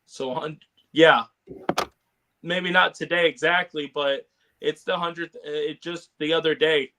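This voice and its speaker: Male co-host, fairly high voice, loose rambling delivery full of fillers. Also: steady tone, measured pace, noisy background. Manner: rambling, many fillers and laughs. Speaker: podcast co-host. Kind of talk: casual chat.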